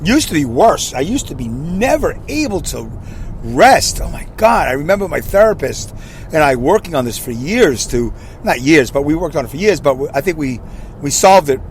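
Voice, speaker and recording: A man's voice: on the high side, big pitch swings, moderate pace, slight background noise. A man in his sixties hosting a casual solo podcast from his car, rambling and correcting himself, and asking listeners questions. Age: 60s. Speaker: podcast host.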